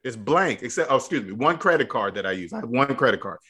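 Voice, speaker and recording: A man's voice: medium pitch, expressive, fast, pushed and bright, slightly rough. A man coaching a younger guest on money, emphatic and preachy, repeating his points in casual podcast chat. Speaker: debt-free money coach.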